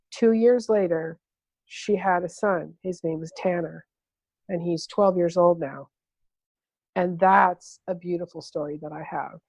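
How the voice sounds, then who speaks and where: A woman's voice: on the low side, a little mellow, no echo. Middle-aged woman coach, chatty storyteller, dry close sound, repeats herself for emphasis. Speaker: intuitive empowerment coach, guest. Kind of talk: conversational podcast interview.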